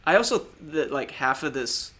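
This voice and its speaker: A man's voice: on the high side, sing-song, moderate pace, sharp tone. Rambling man chatting about movies. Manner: rambling, trails off, laughs often. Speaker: podcast co-host. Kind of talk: casual chat about movies.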